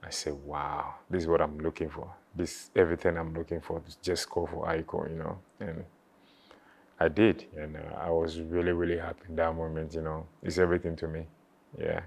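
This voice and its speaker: Looking back on his football career in an interview, a man speaks in a low, flat, gravelly voice. Emotion catches him, sometimes nearly to tears, and his speech halts, with repeated words and frequent "you know."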